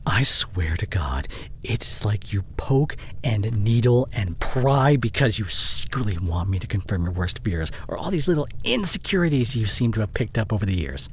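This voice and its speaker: A man's voice: on the low side, big pitch swings, fairly quick, few pauses, a little hiss or hum, rough recording. A man playing an overworked young boyfriend in an audio roleplay drama, speaking closely and with strong emotion straight to the listener. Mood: frustrated, heated. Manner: emotionally charged, intimate second-person address. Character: overworked young adult boyfriend, short-tempered but loving. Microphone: close studio condenser mic.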